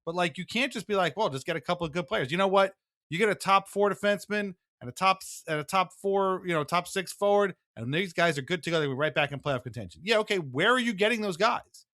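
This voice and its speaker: A man co-hosting a casual sports podcast, talking in an animated way with quick asides and frequent laughs. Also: high-pitched, no room sound, clean studio sound. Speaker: podcast co-host.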